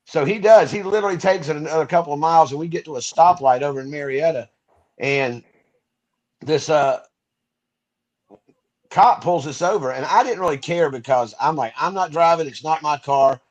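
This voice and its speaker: A man's voice: on the high side, moderate pace, muffled recording. A man co-hosting a podcast, telling a rambling anecdote in a casual, laughing way, from Georgia. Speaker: podcast co-host. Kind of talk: casual storytelling.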